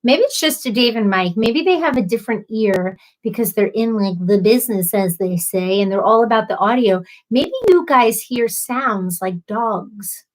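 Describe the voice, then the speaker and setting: A woman's voice: fairly high pitch, normal speed, hardly any pauses, rough recording. A woman in her thirties chatting casually with viewers on a livestream, apologetic and self-deprecating. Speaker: livestream host.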